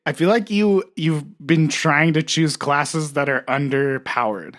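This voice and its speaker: A man in casual chat as a tabletop game player, quiet and hesitant. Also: a little high, unhurried.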